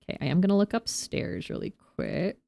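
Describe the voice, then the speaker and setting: A woman's voice: fairly low pitch, wildly swooping pitch, fairly quick, gravelly, warm tone, no echo. A young woman streaming a game, chatting casually and giggling as she rambles.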